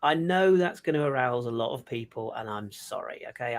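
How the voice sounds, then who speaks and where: Gravelly podcast host, joking. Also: male voice, mid-range voice, animated, a little fast, few pauses. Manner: jokey, self-mocking banter. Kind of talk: casual chat.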